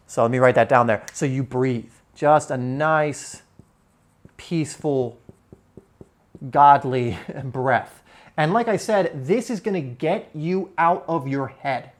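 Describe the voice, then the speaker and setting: Give me an earnest young man teaching self-help at a whiteboard in a conversational tone. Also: medium pitch. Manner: earnest, conversational, varied emphasis.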